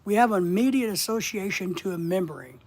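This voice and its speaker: A man's voice: sits high, expressive, fast talker, darkish tone. A man hosting a casual live stream, talking to viewers and repeating words for emphasis.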